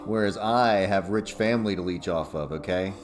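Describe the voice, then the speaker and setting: A man's voice: low-pitched, normal speed. A young man chatting casually and profanely on a livestream, rambling and laughing often. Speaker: streamer. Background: music playing.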